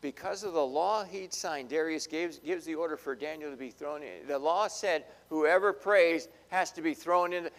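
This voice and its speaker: Male preacher with a high voice in a reverberant hall. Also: moderate pace, hardly any pauses. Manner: dramatic, swinging between loud bursts and hushed asides. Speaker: pastor. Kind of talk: sermon.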